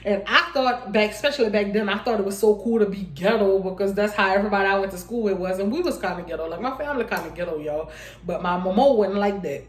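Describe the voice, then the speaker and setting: A woman's voice: medium pitch, quick pace, echoey room. A young woman vlogger, talking in a rambling, heartfelt way and often addressing her viewers as y'all. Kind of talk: casual heartfelt vlog talk.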